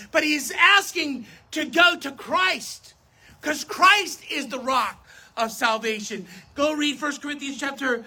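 A preacher giving a sermon, talking straight to the audience, swinging between loud emphasis and soft asides. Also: high voice. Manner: addresses the audience directly, self-correcting.

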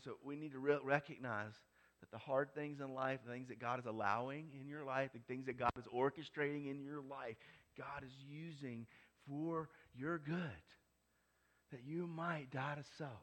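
A middle-aged man preaching a sermon, moving from soft, hushed lines to loud, emphatic ones. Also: mid-range voice, normal speed. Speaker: pastor.

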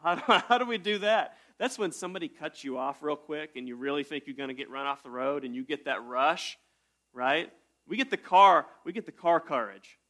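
A man's voice: a little high, sharp tone. A man preaching a sermon as pastor, in a conversational way with rhetorical questions.

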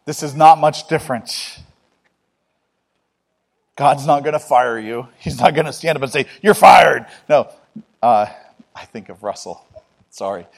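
A male preacher delivering a sermon in a plain, mid-pitched voice. He talks to the congregation in an earnest, conversational way and builds his points from everyday stories. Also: measured pace, pauses often. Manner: conversational, earnest, with personal anecdotes.

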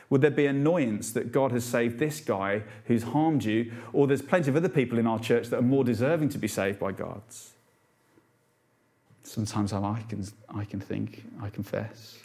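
A man's voice: mid-range voice, a little mellow. A man preaching a sermon to a congregation in an earnest, unpolished way, asking rhetorical questions with some fillers and restarts.

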